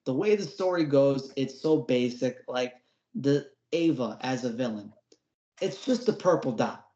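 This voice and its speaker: A podcast co-host reviewing horror episodes goes on a casual, slangy rant, exasperated and mocking with put-on whiny voices. His mid-range voice is animated, unhurried and warm, captured in roomy, dull lo-fi sound.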